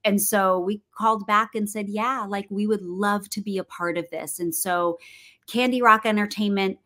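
A woman's voice: medium pitch, steady tone, moderate pace, fairly bright tone. A middle-aged woman talking casually as an interview guest, chatty, with frequent fillers, restarts and laughs. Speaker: guest actress and producer.

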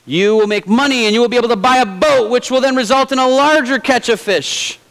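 A man voicing an irritated businessman who lectures and then shouts as his anger grows. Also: very high voice, fairly quick, voice pushed up, low-quality recording. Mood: pushy. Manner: insistent, rising to shouting. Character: pushy irritated businessman, adult man, growing angry.

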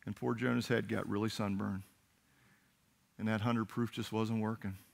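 Gravelly-voiced pastor preaching. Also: male voice, fairly low pitch, normal speed. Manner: animated storytelling, acting out voices of biblical characters. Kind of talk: sermon. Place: church.

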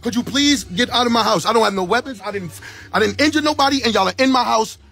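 A man's voice: extremely high pitch, quick pace, vocal fry, sharp tone, faint music behind. A man livestreaming on his phone from the doorway of his home, talking agitatedly and repeating his pleas and demands. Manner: agitated, repetitive pleading demands. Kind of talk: live phone stream confrontation.

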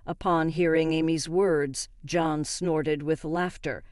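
An older woman reading a dramatic family story aloud in a steady, even manner. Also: low-pitched, slow pace, few pauses, no room sound, clean studio sound. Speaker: narrator. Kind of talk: scripted story narration.

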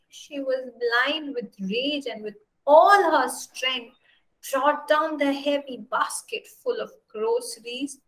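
Bright, unhurried woman teacher. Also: high voice, poor audio. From India. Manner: animated, asks "right?" again and again. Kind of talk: storytelling English lesson.

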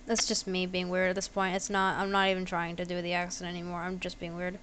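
A woman's voice: on the low side, quick pace, few pauses, a bit bright, slight background noise. A woman giving chatty, giggly, self-deprecating commentary as she plays a computer game at home. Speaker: gaming video creator.

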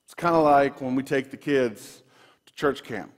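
A man preaching a sermon, telling personal stories in an animated way with frequent restarts, in a church sanctuary. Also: mid-range voice, moderate pace. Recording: long reverb of a large room.

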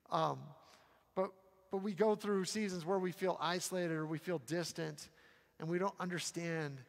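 A man preaching a sermon in a casual, halting way, often repeating words as he gathers his thoughts. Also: sits high, big-room sound. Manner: conversational, halting with frequent repeats. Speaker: pastor.

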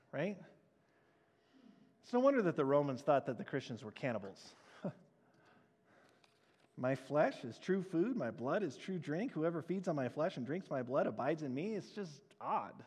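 A man preaching a sermon as a pastor, animated and acting out the crowd's reactions. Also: on the high side, long reverb tail. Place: church sanctuary.

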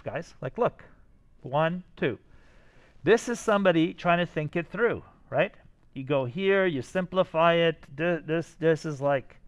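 Leading a design class, this excited instructor talks students through their sketches in a somewhat high voice. He addresses them head-on, constantly asking if they get it with frequent "right?" check-ins.

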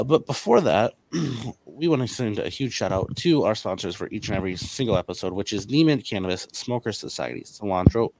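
Low-voiced rambling podcast host man. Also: darkish tone, poor audio. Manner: rambling, stumbling, many fillers. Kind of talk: casual podcast chat.

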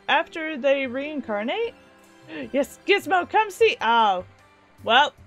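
A bubbly young woman hosts a relaxed gameplay video, giggling often and cooing softly to her little game pets. Her voice sits high and she takes her time with every sentence, while faint game music plays underneath. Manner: gushing, giggly, talks baby-talk to her pets. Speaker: gaming video host. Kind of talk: casual let's-play commentary.

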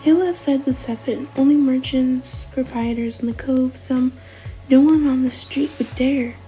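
A woman's voice: high-pitched, measured pace, warm tone, faint music behind, poor audio. A woman voicing a nervous, cowering male dwarf shopkeeper in a whispered role-play, pleading and jumpy. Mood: anxious.

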